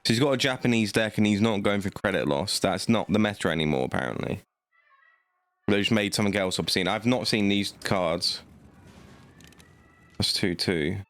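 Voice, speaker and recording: A man's voice: on the low side, moderate pace, pauses often, fairly bright tone, dry recording. A man, giving cocky, trash-talking commentary as he plays a card game. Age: late 20s. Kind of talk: gameplay commentary.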